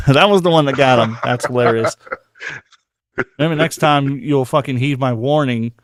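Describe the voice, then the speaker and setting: A man's voice: medium pitch, measured pace, no echo, studio quality. A man hosting a casual live podcast, swearing constantly and mocking the posts he reads aloud. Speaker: podcast host.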